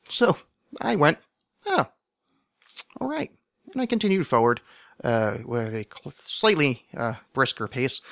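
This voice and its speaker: Guy hosting his podcast, rambling story, wry and self-mocking, mid pitch, dead dry room. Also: gravelly, no echo. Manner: rambling, wry, self-deprecating, acts out shouted quotes. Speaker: podcast host. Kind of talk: casual storytelling monologue.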